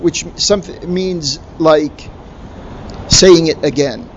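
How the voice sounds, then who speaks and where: A man's voice: fairly high pitch, takes it slowly, highs cut off, a little hiss or hum. A man giving a religious lecture, emphatic and full of rhetorical questions. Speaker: Islamic lecturer.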